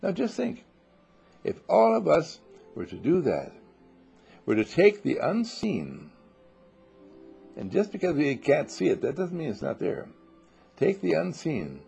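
Leading a spiritual talk for a small group, a man uses a husky, gravelly voice of medium pitch with a darkish tone. His storytelling is playful, complete with small acted-out voices.

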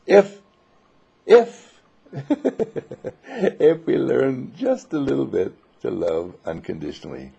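In a mid-range voice that is dark and mellow, a man gives an inspirational spiritual talk with lively delivery, a husky rasp and gravelly fry. He laughs between phrases and acts out the voices he quotes, on a dull, lo-fi recording.

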